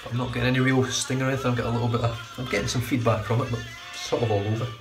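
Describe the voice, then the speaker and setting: A man talks about his shave in a casual product review from his home bathroom, rambling along, cursing freely and fixing his own words mid-stream. This shaving vlogger has a mid-range voice with little pitch movement, speaks rapid-fire, and there's music in the background.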